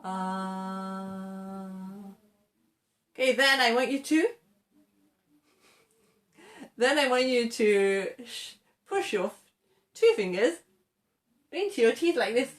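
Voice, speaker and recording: A woman teaching English pronunciation to camera, patient and clear, repeating words slowly and often checking in with okay. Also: fairly high pitch, lively intonation.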